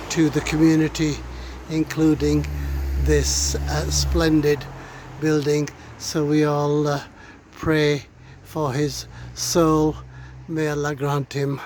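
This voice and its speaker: A middle-aged man talks his way down a street, slowly and out of breath, with a fairly high voice. He stops often on "uh" and speaks straight to his viewers. Faint traffic hums behind him outdoors. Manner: hesitant, many "uh" fillers, addresses viewers. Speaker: vlogger giving a local tour. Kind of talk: casual walking commentary.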